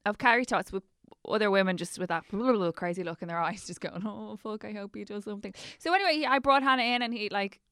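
A woman's voice: mid-range voice, lively intonation, fast, fairly bright tone, clear, resonant tone, no room sound, clean studio sound. An Irish woman and mother, casually telling a long story on a podcast, trailing off and restarting as she goes. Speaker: podcast co-host. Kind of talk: casual chat.

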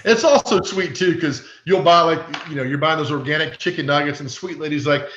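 A man on a podcast as a guest, telling animated stories in casual chat and acting out the voices of the people he quotes. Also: fairly high pitch, fairly quick, hardly any pauses. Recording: echoey, dull lo-fi.

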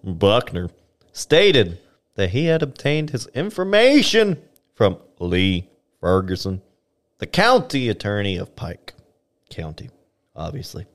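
A man with an animated, swooping voice reads archival history on a casual podcast. He takes his time, sliding through long formal sentences at an unhurried pace and stumbling over a word here and there. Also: medium pitch. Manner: reads archival text aloud with stumbles and laughs. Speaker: podcast co-host reading history.

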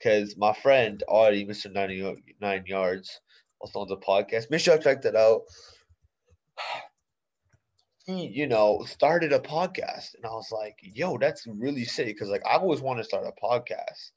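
A man's voice: lowish voice, unhurried. A young man in his late teens hosting his own podcast alone, talking casually in laid-back slang with lots of fillers. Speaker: podcast host. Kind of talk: casual solo podcast monologue. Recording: dull lo-fi sound.

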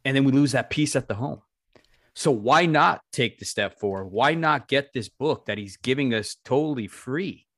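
A man's voice: mid-range voice, expressive, normal speed, fairly bright tone, no room sound. A man hosting a podcast, talking earnestly to his listeners and urging them on, with a few stumbling restarts. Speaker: podcast host. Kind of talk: reflective podcast talk to listeners.

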